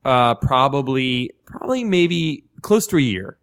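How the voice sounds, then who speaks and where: A man's voice: mid-range voice, animated, unhurried, fairly bright tone. A young man telling a long story in casual chat, rambling with lots of "like" and acting out what other people said. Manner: rambling, heavy on "like", acts out other people's lines. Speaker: podcast guest telling a story.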